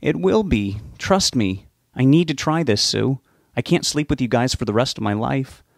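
A man's voice: mid-range voice, animated, moderate pace, creaky, dry recording, clean studio sound. A man reading an audiobook, voicing an anxious, stubborn young man who talks in an earnest, pleading way. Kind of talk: audiobook character voice.

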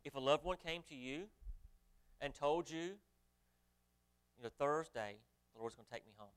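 Here the sermon comes from a man whose smooth voice sits on the high side, at a moderate pace. He reads old-fashioned scripture aloud and puts rhetorical questions to the congregation.

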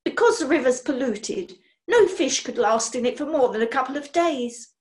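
A woman's voice: high voice, expressive, normal speed. A woman doing an irritable witch. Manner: irritable, loud.

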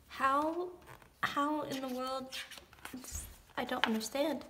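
A young woman unboxing an album in a casual vlog, gushing with delight and swinging between excited squeals and hushed whispers. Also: sits high, slow pace, pauses often, a little hiss or hum.

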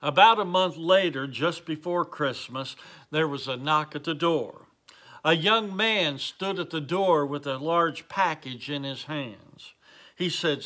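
A man teaching a Bible lesson, telling a story in an earnest, deliberate way to viewers. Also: a little high, pushed and bright.

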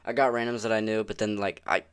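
A man's voice: fairly low pitch, steady tone, quick pace, clear, resonant tone. A young man giving casual, rambling commentary on video games, swearing often and sounding exasperated. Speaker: gaming video creator.

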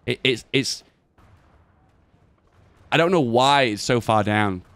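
Man, gameplay commentator, rambling musings, crisp resonant tone, dry sound. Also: medium pitch, lively intonation, slow pace, fairly bright tone, no echo. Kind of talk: casual chat over gameplay.

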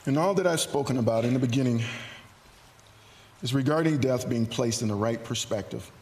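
A man preaching a sermon in a church, earnest and animated, acting out hesitant asides. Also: medium pitch, fairly quick, slight background noise. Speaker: pastor. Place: church sanctuary.

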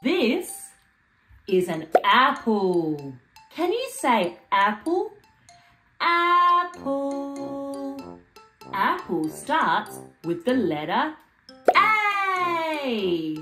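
A woman presenting a video for toddlers in a slow, exaggerated, sing-song way, repeating words for little ones to copy. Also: fairly high pitch, huge pitch swings, a bit bright. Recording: echoey room with faint music underneath.

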